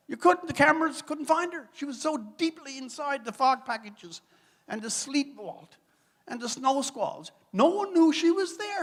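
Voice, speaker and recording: A guest speaker from Newfoundland, Canada, delivers an after-dinner speech in a gala banquet hall, his high, fairly bright voice ringing with the long reverb of the large room. He tells his story wryly and dramatically, full of rhetorical flourishes.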